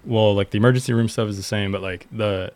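A man's voice: on the low side, fairly even intonation, fast talker, a little mellow. A young man from Pennsylvania telling a story in a casual, slangy way, full of fillers. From Reading, Pennsylvania. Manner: laid-back, slangy, lots of fillers. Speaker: guest, pro skateboarder.

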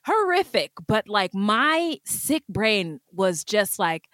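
A woman's voice: medium pitch, very animated, slow, fairly bright tone, dry recording, clean studio sound. A woman co-hosting a true crime podcast, chatting casually, rambling and laughing often. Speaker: podcast co-host. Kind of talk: casual chat.

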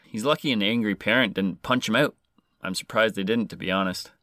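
A man's voice: on the low side, a little fast, sharp tone, no room sound, clean studio sound. A man hosting a podcast, reading a scripted story with crude, sarcastic jokes. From Canada. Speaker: podcast host.

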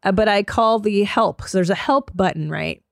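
A woman's voice: medium pitch, moderate pace, vocal fry, dry recording. Woman podcast host, brash profane storyteller, plays every part in her tale, dry close sound. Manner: profane, animated, acts out both sides of conversations. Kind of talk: casual comedic storytelling.

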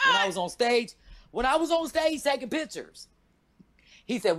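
A woman in her fifties, a stand-up comedian, telling a story in a loud, profane, animated way and acting out every quote. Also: moderate pace, long pauses. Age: 50s. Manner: loud, profane, acts out quotes with big pitch jumps.

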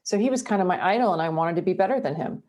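A Canadian woman who reports on sports talks in a relaxed interview, her voice sitting a little low. She tells her stories with energy and laughs often as she goes. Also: racing. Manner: lively storyteller, laughs often. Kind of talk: casual interview chat.

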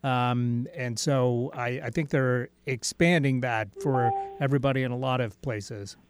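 A man co-hosting a casual chat, measured and a little hesitant. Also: medium pitch, steady tone, noisy background.

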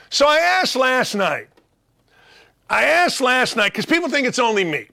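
A man hosting a sports talk show, ranting sarcastically with mocking asides and loud, heated outbursts. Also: very high voice, big pitch swings, normal speed, gravelly. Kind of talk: opinionated sports rant.

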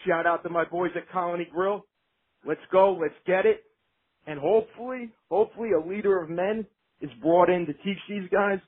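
Husky New caller on a tinny phone. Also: male voice, mid-range voice. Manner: blunt, profane, fired up.

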